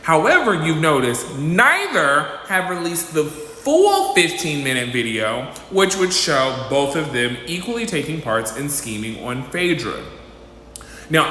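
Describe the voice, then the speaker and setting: A man telling a dramatic storytime in casual commentary, acting out the people he quotes. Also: a little high. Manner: animated, dramatic retelling that acts out quotes. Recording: echoey reverberant room with faint noise.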